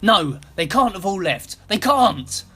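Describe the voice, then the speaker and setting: Man voicing greedy old Scrooge, storybook, high and panicky. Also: very animated, a little fast, a bit bright, slightly rough, exaggerated voice. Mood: frantic. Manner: scoffing, turning frantic and desperate. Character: greedy old male game-company boss Scrooge.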